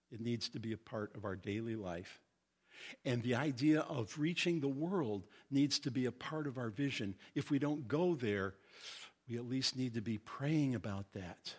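A middle-aged man from Indiana preaching a sermon as pastor, earnest and teaching, reading scripture slowly with emphasis. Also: mid-range voice, slightly rough.

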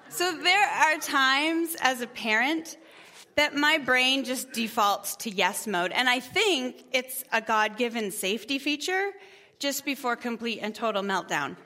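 A middle-aged mother telling a parable and stories from family life at a church gathering, chatty with gentle humor. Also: a little high, expressive, unhurried. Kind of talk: storytelling talk.

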